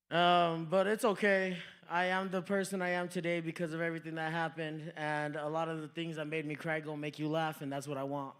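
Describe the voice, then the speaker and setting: A man's voice: on the high side, level tone, a little fast, hardly any pauses, fairly bright tone, clear, resonant tone. A young man from New Mexico doing a stand-up comedy set on a club stage, telling stories in a laid-back way and slipping into quoted voices. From New Mexico, USA.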